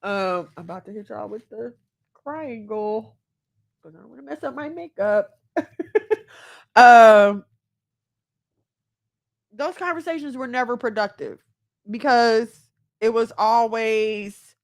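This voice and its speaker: A woman in her thirties hosts a podcast, her slightly high voice moving at a slow pace with many pauses. It's a personal, heartfelt, candid talk to listeners on family and self-love.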